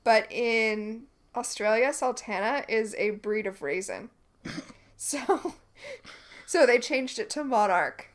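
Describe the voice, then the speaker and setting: A woman's voice: on the high side, slow. A woman co-hosting a podcast, animatedly recapping a TV episode in casual chat. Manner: animated, recaps scenes and quotes characters. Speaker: podcast co-host.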